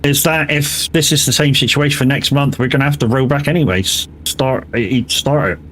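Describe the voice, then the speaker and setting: A man talking loosely to his stream audience as he drives, his voice sitting at an ordinary middle pitch. He swears freely and breaks into laughs between remarks. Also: fairly quick, a bit bright, a little hiss or hum. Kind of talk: casual live-stream chat while driving.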